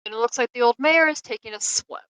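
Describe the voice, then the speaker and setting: A woman's voice: on the high side, fast, fairly bright tone, clean tone, no room sound, rough recording. A woman narrating as game master in a casual tabletop role-play session, talking loosely with many fillers.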